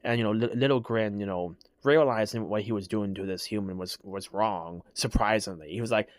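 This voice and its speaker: A man's voice: fairly low pitch, moderate pace, no room sound, studio quality. A man casually explaining his characters' story, hesitant and full of restarts. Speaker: creator telling his character lore.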